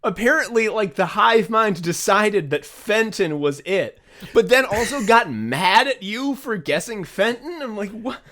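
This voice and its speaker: Here is a male podcast co-host with a slightly high voice that swoops all over as he tells a story. He chats casually and keeps breaking into laughter. His delivery is lively and animated throughout. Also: unhurried. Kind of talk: casual comedic chat.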